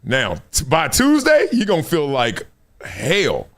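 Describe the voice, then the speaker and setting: A man's voice: fairly high pitch, huge pitch swings, unhurried, a bit bright. A man hosting a live sports talk show, telling stories in a preachy, playful way, acting out quotes and laughing often. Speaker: host.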